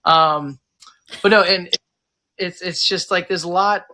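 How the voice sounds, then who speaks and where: A man's voice: sits high, takes it slowly. An American man who runs a pub, chatting casually in an interview and rambling through stories while acting out customers' lines. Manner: rambling, animated, acts out customers. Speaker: pub owner and manager.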